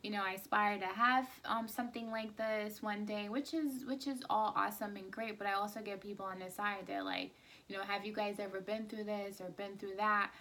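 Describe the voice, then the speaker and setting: A woman in her thirties, co-hosting a casual podcast, talking softly and rambling with many fillers. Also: mid-range voice, steady tone, fairly quick. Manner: soft-spoken, rambling with fillers. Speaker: podcast co-host. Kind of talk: casual chat. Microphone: no proper microphone set up.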